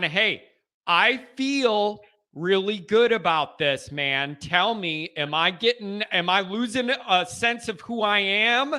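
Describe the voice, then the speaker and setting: High, bright-voiced sports talk host. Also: male voice, slow pace. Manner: animated, emphatic, folksy talk. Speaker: show host. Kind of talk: call-in sports chat.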